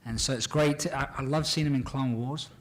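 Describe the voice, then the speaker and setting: A man answering fan questions at a convention panel, animated and excitable, often acting out scenes and laughing as he talks. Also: medium pitch, a little fast. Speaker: actor guest at a fan panel. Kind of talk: casual panel Q and A.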